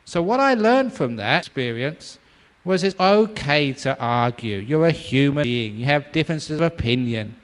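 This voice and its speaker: An older man from England gives a relaxed dharma talk. His voice sits a little high, and he laughs often as he tells stories. The sound carries the long reverb of a large hall. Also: normal speed. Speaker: meditation teacher.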